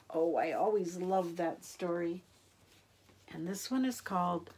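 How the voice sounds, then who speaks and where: An older woman reading children's picture books aloud slowly and expressively as a storyteller. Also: on the low side, a little hiss or hum. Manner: slow and expressive, hushing at the end.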